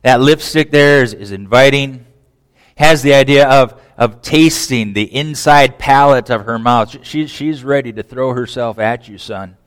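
A man preaching a sermon in animated style, often repeating words and asking the listeners questions. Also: medium pitch, a little slow, clear, resonant tone. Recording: long hall reverb.

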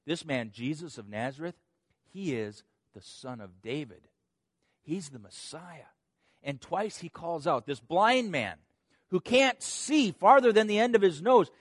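A man preaching a sermon with animated storytelling, often repeating words as he starts a phrase. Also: a little high, unhurried, no room sound, studio quality. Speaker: pastor.

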